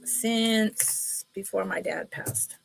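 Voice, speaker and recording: A woman's voice: on the high side, drawn-out words, a little hiss or hum. Chatty woman selling jewelry live. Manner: chatty, animated storytelling. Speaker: live-sale seller. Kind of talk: casual live-sale chat.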